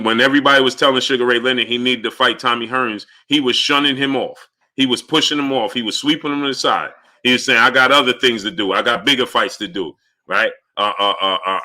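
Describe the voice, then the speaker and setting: A livestream host with a medium-pitched, pushed and bright voice reads out chat names in live commentary. Between rants, he fires off rapid greetings and argues heatedly with viewers in a lecturing tone.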